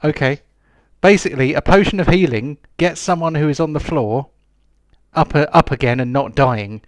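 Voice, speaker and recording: A man's voice: fairly high pitch, moderate pace, dry recording. Man running a tabletop game. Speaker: game master.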